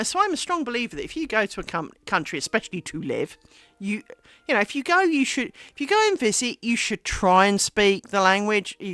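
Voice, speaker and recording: A woman's voice: mid-range voice, a bit bright, dry recording. A woman chatting casually on a live stream while she makes lace, rambling and self-deprecating, with lots of fillers.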